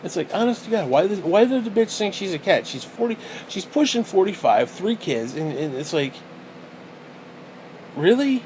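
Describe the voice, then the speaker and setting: Male vlogger, profane exasperated rant, slightly high-pitched, light background hum. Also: big pitch swings, a little fast, a little mellow. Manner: crude, profane, exasperated ranting. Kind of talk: casual rant to camera.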